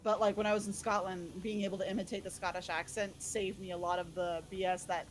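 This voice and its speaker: A woman's voice: mid-range voice, level tone, quick pace. An American woman chatting and joking casually while playing a game on stream. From United States. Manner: chatty, jokey. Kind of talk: casual gaming chat.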